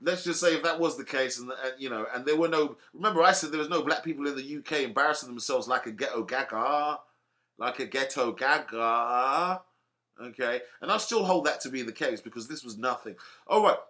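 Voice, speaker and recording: Sarcastic man ranting, bright voice. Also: mid-range voice, fast. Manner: heated, sarcastic, full of restarts and fillers. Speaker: vlogger commenting on boxing. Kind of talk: rambling solo rant to camera.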